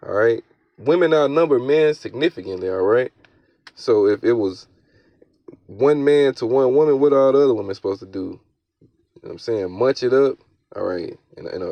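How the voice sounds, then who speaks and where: A man giving casual, slang-heavy scripture commentary, often tagging his lines with "all right?" and reading verses aloud slowly. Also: lowish voice, creaky, no room sound. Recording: dull, lo-fi, dry sound.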